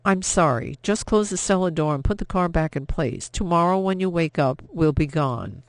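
A man voicing a desperate young woman who pleads in an urgent, hushed way. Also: on the high side, animated, normal speed, no echo.

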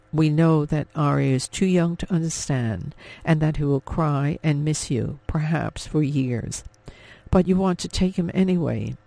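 A man narrating an audiobook, voicing a gentle, earnest man who tries to persuade. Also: on the high side, gravelly, no room sound.

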